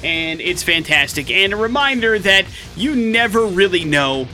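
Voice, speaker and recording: Chatty male morning show host, lively storyteller, bright timbre. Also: high-pitched, normal speed, soft background music. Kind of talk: casual radio banter and storytelling. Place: radio studio.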